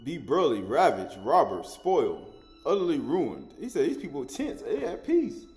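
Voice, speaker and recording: This sermon comes from a man with a mid-range voice who teaches energetically, circling back to rephrase his words and laughing softly throughout.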